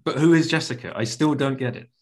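A male podcast host with a mid-range voice asks his questions in a relaxed, chummy way. He sounds casual and a bit amused, like a friend chatting. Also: medium pitch, fast talker. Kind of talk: casual interview chat.

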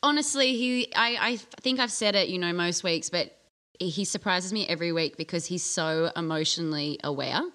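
A woman, co-hosting a casual podcast chat and telling a story with acted-out quotes. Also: moderate pace. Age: 30s. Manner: animated storytelling, acting out quotes in a low voice. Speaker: podcast co-host.

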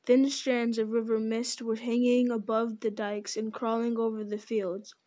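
A woman reading a novel aloud, her voice sitting a little high. She keeps a steady, unpolished pace and stumbles now and then, correcting herself before going on. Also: unhurried. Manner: steady, unpolished, with small slips.

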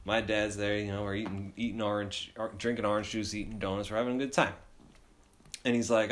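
A man's voice: on the low side, fairly even intonation, fairly quick. A man in a casual chat, telling a rambling story full of asides. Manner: rambling, lots of "you know".

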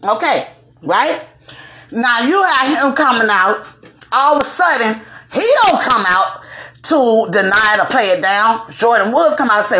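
A woman hosting a celebrity gossip show, talking in a sassy, animated way and bursting into shouts. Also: on the high side, measured pace, slight background noise. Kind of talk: casual gossip commentary. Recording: echoey room.

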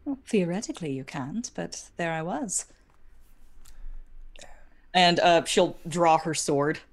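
A woman player in a tabletop game, with a lower-than-usual voice that moves around a lot. She talks hesitantly, restarting words and laughing between lines. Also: lively intonation, slow pace.

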